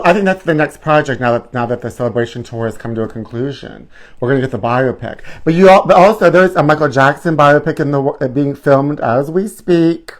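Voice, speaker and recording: A man's voice: fairly high pitch, fairly bright tone. A man hosting a live stream, chatting to viewers in a campy, sassy, rambling way.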